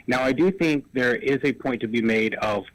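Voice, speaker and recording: A man co-hosting sports radio, talking fast and analytical as he piles up examples. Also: medium pitch, a bit bright, no echo, low-quality recording. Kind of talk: casual sports talk. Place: radio studio.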